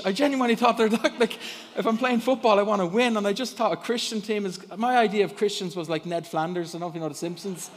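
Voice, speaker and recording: A man's voice: high voice, fast talker. A middle-aged man preaching a sermon in church, telling stories with lots of laughs and repeated words. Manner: animated storyteller, laughs often, repeats words when starting. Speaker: guest preacher. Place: church hall. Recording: long hall reverb.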